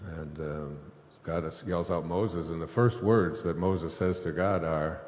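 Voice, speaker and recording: This low-pitched, slightly mellow male voice belongs to a spiritual author speaking a little slowly. He recounts a scripture story to a live audience from a stage, rambling with fillers and chuckles, in an echoey hall with faint noise.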